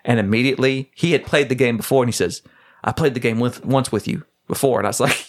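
On a podcast, a male co-host tells a story quickly and keeps it loose and casual. He laughs often along the way and voices the people he quotes in a lower, muttered tone.

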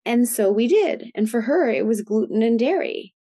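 A woman's voice: fairly high pitch, expressive, moderate pace, dark tone. A middle-aged woman, a guest expert, chatting and explaining in an interview and often ending points with "right?". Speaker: guest expert on food sensitivities. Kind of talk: conversational interview.

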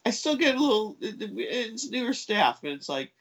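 A woman telling a long personal story in casual chat, hesitant and full of fillers and restarts, jumping up in pitch when she acts out what others said. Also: very animated, normal speed, fairly bright tone, husky, poor audio. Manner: acts out quoted voices with big pitch jumps.

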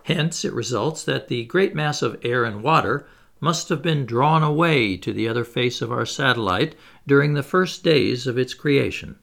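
A man's voice: mid-range voice, lively intonation, moderate pace, vocal fry, fairly bright tone. A man reading a bold, unflappable adventurer. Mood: assured. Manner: cheerful, assured, explanatory. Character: confident witty male adventurer, unflappable.

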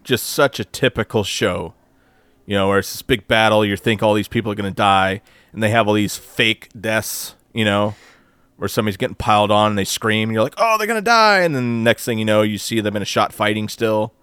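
A man co-hosting a podcast in casual chat, animated and profane, mocking others in quoted voices. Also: lowish voice, a little fast, clean tone, no echo. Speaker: podcast co-host.

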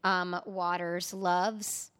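A woman's voice: on the low side, little pitch movement, extremely slow, a bit bright, clean tone. A woman co-hosting a casual podcast, chatting in a rambling way. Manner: chatty, rambling with fillers and laughs. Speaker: podcast co-host. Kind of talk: casual chat.

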